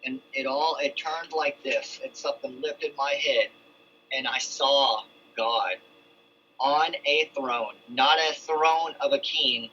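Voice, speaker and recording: Middle-aged guy rambling through his story, lots of restarts, bright edgy voice, faint hum behind him. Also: mid-range voice, takes it slowly. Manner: rambling, with many restarts and asides. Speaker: guest telling his testimony. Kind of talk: casual storytelling testimony. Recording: dull lo-fi sound with faint ambience.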